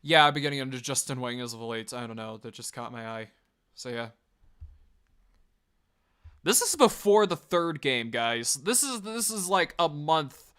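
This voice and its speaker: A man's voice: medium pitch, expressive, moderate pace, pauses often, fairly bright tone, clear, resonant tone. A man casually reviewing and reading out online comments, rambling, swearing and laughing as he goes. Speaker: video reviewer.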